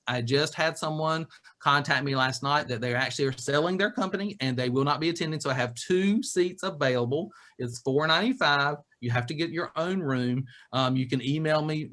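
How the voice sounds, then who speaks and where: Man, fairly high voice, animated, joking, coaching, video call talk. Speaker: speaker. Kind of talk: lively webinar talk.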